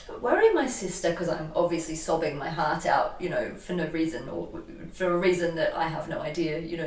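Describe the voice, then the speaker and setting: A woman energy healer telling a personal story in an animated, emotional way, often restarting her sentences. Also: fairly low pitch. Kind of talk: casual conversation, personal storytelling. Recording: echoey room, voice from a distance.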